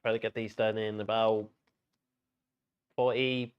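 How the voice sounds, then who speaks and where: Man, smooth resonant voice, bingo caller, hesitant, stammering, dull lo-fi mic. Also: on the low side, level tone, a little slow. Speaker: co-host calling bingo items. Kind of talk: casual live-stream chat.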